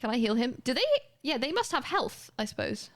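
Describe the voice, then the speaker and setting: A woman's voice: fairly high pitch, animated, brisk. A young woman, chatting casually and swearing now and then while livestreaming a video game to her chat. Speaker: live streamer.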